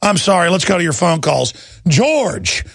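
A man hosting a talk radio show, ranting with impassioned heat in a rough voice into a studio microphone. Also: high voice, sing-song, a little slow, a bit bright, no room sound. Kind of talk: heated talk radio monologue.

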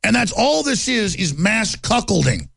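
A man's voice: high-pitched, very animated, measured pace, gravelly, a bit bright, husky, dry recording. A man hosting a talk show, delivering a heated political monologue in a contemptuous, ranting way with stammered repeats.

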